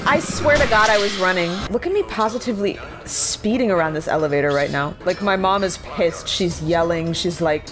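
A woman's voice: mid-range voice, lively intonation, quick pace, few pauses. A young woman giving casual, sarcastic commentary while playing horror games. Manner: chatty, sarcastic, playful. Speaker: horror game streamer.

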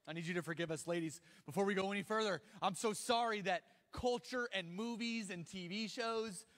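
Male pastor, high voice, animated self-mocking sermon, long hall reverb. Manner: animated, self-mocking preaching with sudden loud outbursts. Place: large church hall.

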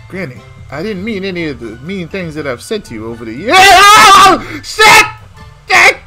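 A man's voice: on the high side, very animated, fast talker, loud music behind the voice. Foul-mouthed man trash-talking a game. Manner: profane trash talk, shouting. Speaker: gamer playing the grandson. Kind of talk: casual gaming banter.

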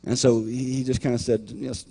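A man's voice: mid-range voice, normal speed, dark tone. A man preaching a sermon as pastor, emphatic, often repeating words and acting out imagined voices.

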